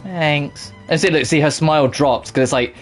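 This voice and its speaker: A man's voice: fairly high pitch, steady tone, fast, faint music behind. A man casually commentating a video game as he plays, swearing often and laughing at his own mistakes. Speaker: gaming YouTuber. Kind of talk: let's play commentary.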